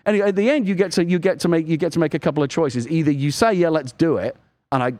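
A man co-hosting a video game podcast, telling animated stories in casual chat and acting out lines. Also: a little high, rapid-fire. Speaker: podcast co-host.

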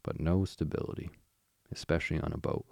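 A man's voice: a bass voice, steady tone, brisk, creaky, a little mellow, dry recording, studio quality. Man doing a blunt, jovial otter. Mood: hearty.

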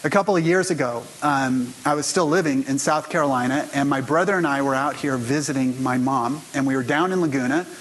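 A man's voice: medium pitch, brisk, few pauses, a little hiss or hum, poor audio. A man pastor giving a sermon in a conversational storytelling way, speaking straight to his congregation.

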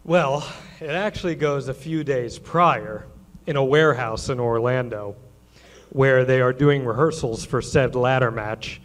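A man's voice: mid-range voice, unhurried. A man co-hosting a live stage show, setting up a story and handing it over to his guest. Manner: prompting the guest to tell the story. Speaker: co-host.

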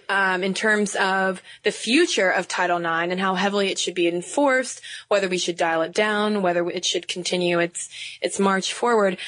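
Woman co-host, casual podcast chat, earnest, playful, mid pitch. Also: fairly bright tone, dry recording.

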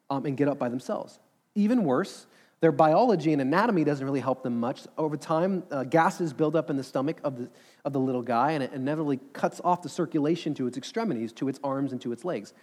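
A pastor preaches a sermon in an earnest, conversational way, repeatedly posing questions to his listeners. His voice is slightly mellow and sits a touch higher than most men's.

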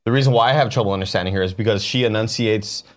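A man co-hosting a casual morning show, telling animated stories and now and then slipping into put-on accents. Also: lowish voice, rapid-fire. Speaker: co-host. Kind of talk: casual chat.

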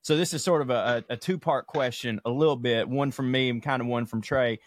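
A man hosting a podcast, asking questions in a relaxed, casual way. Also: mid-range voice, fairly quick. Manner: laid-back questioner, lots of backchannel. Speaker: podcast host. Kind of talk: casual interview chat.

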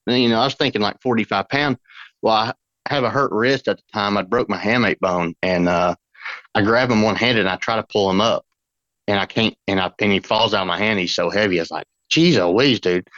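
A man, a fishing guide on a podcast, telling a long story in a rambling, excited way with lots of fillers. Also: on the low side, brisk, no room sound, highs cut off. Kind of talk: casual storytelling.

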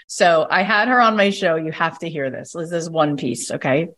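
Animated woman coach telling a story. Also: low voice, normal speed. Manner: animated storyteller, acts out the people she quotes. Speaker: coach and podcast host.

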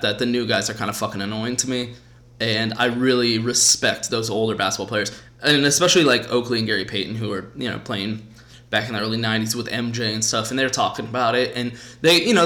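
A man hosting a podcast, telling a story in casual chat with lively, profane energy. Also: medium pitch. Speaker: podcast host.

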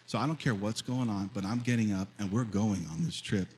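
A man in his fifties preaching a sermon as pastor, telling a story and then rising to loud, fervent preaching. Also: fairly low pitch, fairly quick, background noise. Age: 50s.

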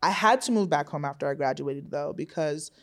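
Young woman on a podcast, earnest and reflective, kinda low voice, laughs easy. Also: a little fast. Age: young adult. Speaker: guest, psychology student. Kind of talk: casual podcast conversation.

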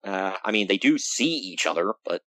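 Lively guy cohosting a wrestling recap podcast, bright dry sound, jokey and animated. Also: normal speed, no room sound, rough recording. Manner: animated, jokey, swings pitch for emphasis. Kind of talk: casual chat.

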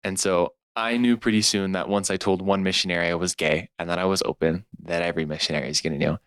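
Young californian man, podcast guest, lively storyteller who acts out other people's lines, lowish voice, dry close sound. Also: fast talker, clean tone, no room sound. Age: 20s. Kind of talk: personal storytelling in conversation.

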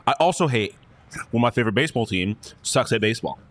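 A man's voice: mid-range voice, animated, fast, fairly bright tone, no echo. A man co-hosting a sports podcast in casual chat, joking and self-deprecating. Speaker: podcast co-host.

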